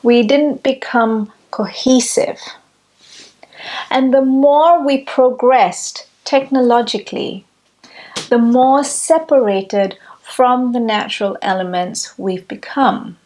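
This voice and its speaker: A woman giving a reflective spiritual teaching talk, with measured, deliberate phrasing. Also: a little high, a little mellow. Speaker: spiritual speaker.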